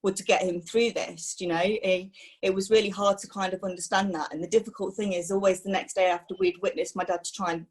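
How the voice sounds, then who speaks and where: A young woman gives a personal testimony, talking in a halting way with many pauses and restarts. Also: medium pitch, steady tone, slightly rough. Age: young adult. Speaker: person sharing a personal story.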